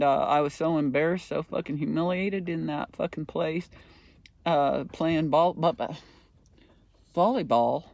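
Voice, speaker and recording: Gravelly, profane man rambling casually. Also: on the high side, dry recording. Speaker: podcast host. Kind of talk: casual monologue.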